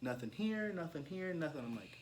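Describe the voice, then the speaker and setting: A man's voice: fairly high pitch, very animated, brisk, a little hiss or hum. A man on a comedy podcast bluntly telling a crude story in a casual, swearing way. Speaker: podcast co-host. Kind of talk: casual chat.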